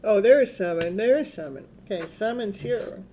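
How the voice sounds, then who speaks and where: Chatty woman reading tarot, mellow voice. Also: mid-range voice, lively intonation, moderate pace, a little hiss or hum. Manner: chatty, laughing often, coaxing her dog. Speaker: tarot reader.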